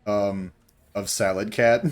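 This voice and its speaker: A man's voice: on the low side, little pitch movement, slow pace, smooth. A young man narrating as game master in a casual tabletop session, rambling loosely with fillers.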